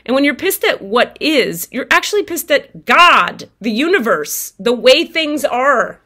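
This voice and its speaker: Animated, swearing spiritual storyteller woman. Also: high voice, unhurried. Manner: animated, swears freely, acts out her own shouting. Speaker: tarot reader and spiritual vlogger. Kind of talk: casual storytelling to viewers.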